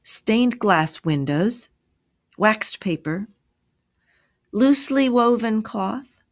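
A woman teacher reading a story aloud, then asking and answering review questions in a clear, measured way. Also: fairly high pitch, animated.

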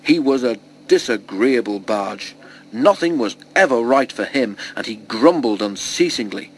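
A man reading a children's storybook aloud in a steady, expressive storytelling voice. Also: mid-range voice, unhurried, slight background noise, low-quality recording. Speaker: storybook reader.

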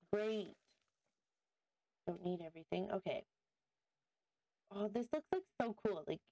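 A chatty woman narrating her own gameplay in a casual let's-play. She thinks aloud and talks to her viewers and the creatures on screen, getting easily excited. Her voice sits at a middle pitch and sounds dry and close. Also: dry recording. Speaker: gaming video host.

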